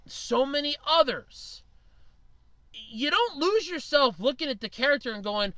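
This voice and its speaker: Blunt, lively solo podcast host. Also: high voice, unhurried, no echo. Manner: blunt, opinionated, swears casually; rambling with frequent restarts. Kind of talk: solo casual podcast commentary.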